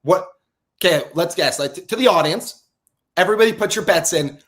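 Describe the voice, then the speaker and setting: Man talking up his game studio. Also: high voice. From Canada. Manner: animated, quick to laugh, boastful. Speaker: game studio founder, guest. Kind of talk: casual podcast interview.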